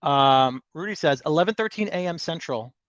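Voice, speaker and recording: A man's voice: a little high, animated, moderate pace, a bit bright, no echo. Man, casual livestream co-host, chatty and joking, dry dull lo-fi sound. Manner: chatty, joking, reads viewer comments aloud.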